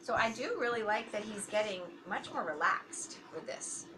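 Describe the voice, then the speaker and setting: A woman therapist talks a parent through feeding techniques while coaching a small child, her voice rising and falling in a lively, animated way. The recording is a home video with clear background noise. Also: mid-range voice, moderate pace. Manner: explaining to a parent between cheerful coaching of a child.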